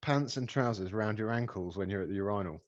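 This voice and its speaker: Bloke co-hosting, easygoing banter, says mate, bit muffled, dead dry sound. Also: male voice, lowish voice, fast, no echo. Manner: easygoing banter, calls people mate, chuckles. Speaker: podcast co-host. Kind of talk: casual podcast chat.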